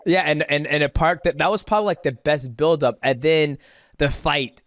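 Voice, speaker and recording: A man's voice: fairly high pitch, moderate pace, a bit bright, no echo, studio quality. A man hosting a podcast, recapping a guest's career in a chatty way before asking his question. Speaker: podcast host. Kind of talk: casual interview chat.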